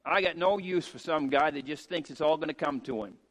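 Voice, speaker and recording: A middle-aged man preaching a sermon as a pastor, emphatic and rising to shouts on key points. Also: a little high, fairly quick. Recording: long hall reverb.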